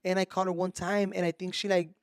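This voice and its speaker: Fast-talking man, high voice. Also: clean tone, no echo, clean studio sound. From Mexico. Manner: animated storytelling, swearing, mixing Spanish into English. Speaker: podcast co-host. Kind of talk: casual chat.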